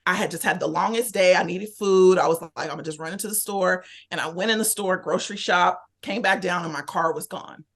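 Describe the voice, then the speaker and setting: A woman, a podcast guest, telling a personal story in a candid, animated way, acting out her own thoughts as she goes. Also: lowish voice, brisk, few pauses. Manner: animated, candid, lively retelling with quoted inner thoughts. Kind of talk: casual conversational storytelling.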